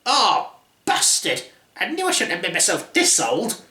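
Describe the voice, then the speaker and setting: A man voicing a wicked old queen disguised as a crone, in a high screechy voice. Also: wildly swooping pitch, a little slow, sharp tone, full character voice. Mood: triumphant. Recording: roomy echo.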